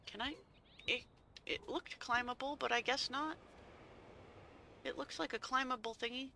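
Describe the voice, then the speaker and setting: Playful woman streamer talking thru a game, super bright voice, chatty. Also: high-pitched, steady tone, moderate pace, gravelly, a little hiss or hum. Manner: playful, chatty, talks to herself. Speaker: gaming channel host. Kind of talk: game playthrough commentary. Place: seated at home.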